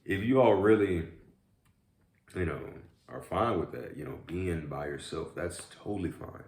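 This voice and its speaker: A man's voice: low voice, a little slow, darkish tone, echoey room. A young man vlogging in a casual, rambling way while eating, often saying "man" and "y'all". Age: young adult. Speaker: YouTube vlogger. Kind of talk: casual mukbang chat.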